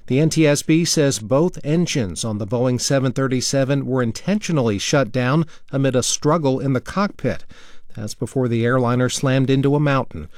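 A man reading a radio newscast in a measured, formal delivery. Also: medium pitch, a little mellow, no room sound, clean studio sound.

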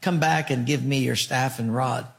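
A man preaching voices God as a patient, fatherly figure who calmly repeats his commands. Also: medium pitch, normal speed, creaky, close to an everyday voice. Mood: commanding. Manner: calm, repeating firm commands.

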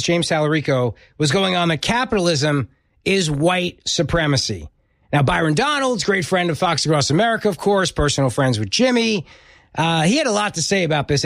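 A man's voice: on the high side, a bit bright, dry recording. A middle-aged man hosting a political talk radio show, speaking emphatically and often repeating words as he presses a point.

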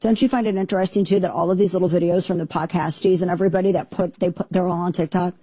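A woman hosts a talk radio show in a low, mellow, slightly husky voice. She rambles in an indignant, sarcastic tone. The sound is dry and close on a studio microphone. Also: steady tone, fast talker, dry recording. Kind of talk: opinionated talk radio monologue.

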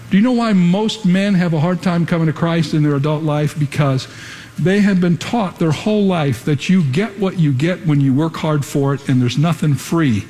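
A man preaching a sermon in an earnest, measured way, building to emphatic repeated lines. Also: a little high, mellow. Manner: earnest preaching with dramatic pauses and quoted whispers. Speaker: pastor. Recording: long hall reverb, faint ambience.

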